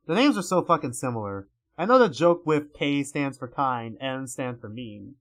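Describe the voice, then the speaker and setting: A man giving excitable, profane commentary on a livestream, drifting into rambling asides. His pitch is highly animated, swinging up and down. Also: normal speed. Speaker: livestream webcomic reader.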